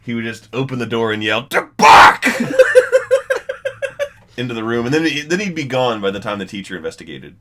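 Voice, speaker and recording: A young man on a comedy podcast, giving long deadpan comic descriptions. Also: mid-range voice, brisk, long pauses, heavy background noise. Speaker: podcast co-host. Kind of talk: casual comedy chat.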